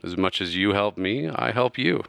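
A man voicing a calm, solemn female goddess of life who speaks slowly and in a measured way. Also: fairly low pitch, vocal fry, clear, resonant tone, no room sound, studio quality.

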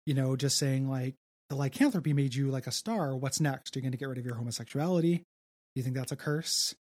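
A man's voice: medium pitch, quick pace, a little mellow, no echo, studio quality. A man co-hosting a podcast, recapping a film in casual chat, joking and laughing often. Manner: laughing, joking, acts out quotes. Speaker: podcast co-host.

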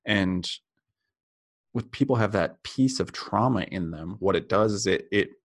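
A man's voice: sits low, a little slow. A man in casual conversation who talks candidly and reflectively and swears freely.

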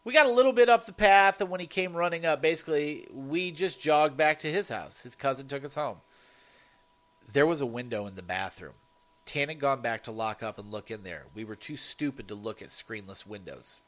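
A man narrating a first-person horror story, swearing freely and telling it with animated energy. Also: mid-range voice, a little fast.

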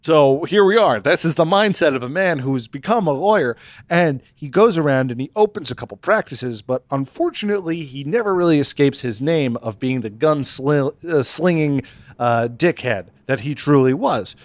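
A man's voice: a little high, expressive, moderate pace, dry recording. Crude, rambling male storyteller. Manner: rambling, crude jokes, sudden put-on voices. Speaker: podcast co-host telling the story. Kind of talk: casual comedic storytelling.

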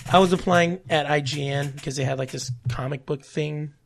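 A young man from California chats on a casual podcast with a gravelly, slightly raised voice. He tells stories animatedly, acts out what people said and breaks into laughter often. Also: a little high, fairly even intonation, normal speed, slight background noise. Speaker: podcast co-host. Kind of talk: casual chat.

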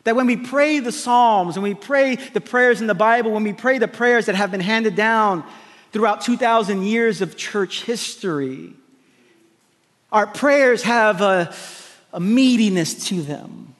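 A man preaching a sermon to a congregation, emphatic and repetitive, with quick asides to the crowd. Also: high voice, fairly bright tone, big-room sound. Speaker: pastor. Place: large church hall with congregation.

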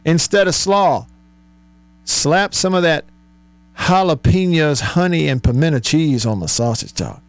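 A man's voice: fairly high pitch, measured pace. A man hosting a radio talk show, chatting and joking with his co-host and laughing often. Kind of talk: casual on-air banter.

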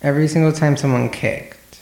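Dry-witted male guest, heavily gravelly voice, echoey room. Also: a little high, steady tone, a little fast, a little mellow. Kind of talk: casual chat.

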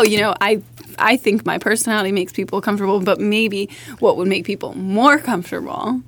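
A woman hosting a podcast in a studio, chatting casually with quick, joking, self-mocking asides and frequent laughter. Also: a little high. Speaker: podcast host.

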